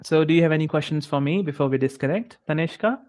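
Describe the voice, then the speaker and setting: A man's voice: fairly high pitch, fast talker, darkish tone. A young man with an Indian English accent, an English tutor giving an upbeat, encouraging one-on-one lesson over a video call. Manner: encouraging, upbeat, many "like" fillers.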